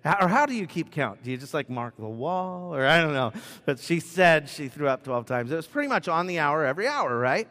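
A man's voice: on the high side, big pitch swings, fairly quick, sharp tone. A middle-aged man preaching a conversational sermon with humor and frequent restarts. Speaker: pastor. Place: church sanctuary. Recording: long reverb of a church hall.

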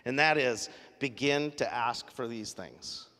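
A man preaching a sermon as pastor, telling stories in a conversational, animated way. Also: mid-range voice, slow. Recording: live sermon in a reverberant hall.

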